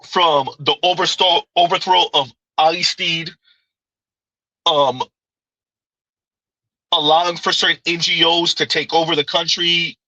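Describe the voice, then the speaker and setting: A man's voice: on the high side, sharp tone, no room sound, lo-fi sound. A man giving casual livestream commentary, arguing his point with pointed rhetorical questions and reading chat comments aloud.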